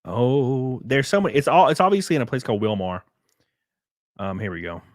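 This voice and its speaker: A man's voice: medium pitch, very animated, a little fast, no room sound, clean studio sound. A man hosting a casual livestream, reading viewer comments and joking around with a rambling, swearing manner. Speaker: livestream host and race car driver.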